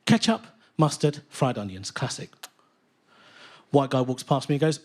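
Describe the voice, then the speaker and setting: A man from England in his thirties performing a stand-up comedy set in a theatre, telling stories with animated bursts of indignant ranting. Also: mid-range voice, moderate pace, pauses often. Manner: animated storytelling, bursts into loud indignant rants. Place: large theatre stage. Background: audience laughter.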